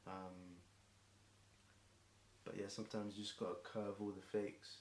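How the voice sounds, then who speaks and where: Young English man, low flat voice, slightly hoarse, rambling rhyming freestyle, lots of ums, echoey room. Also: unhurried. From England. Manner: rambling, self-correcting, frequent ums and restarts. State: voice getting hoarse. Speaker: streamer performing a marathon song. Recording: echoey room with faint background noise.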